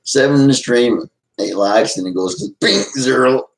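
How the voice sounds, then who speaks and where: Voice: medium pitch, normal speed, poor audio. A live-stream host in casual, playful chat with viewers, giggling often and teasing in a folksy way.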